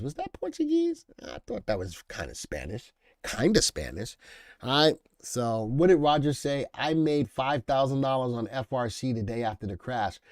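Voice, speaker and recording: A man with a medium-pitched voice and no echo hosts a live stock market stream. He reads news headlines aloud, riffs on them casually, and chats with viewers, addressing them by name.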